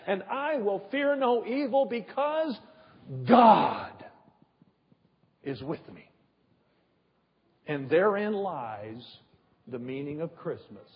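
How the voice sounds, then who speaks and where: A male pastor delivering a sermon with emphatic rhetorical questions and drawn-out pauses, his voice husky. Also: high voice. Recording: dull echoey hall.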